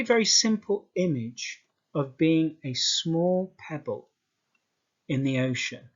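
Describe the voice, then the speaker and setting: A male British English teacher walks through an exam lesson at a very slow, deliberate pace, leaning on repeated words for emphasis. His voice sits a little high for a man. The recording sounds dull and lo-fi.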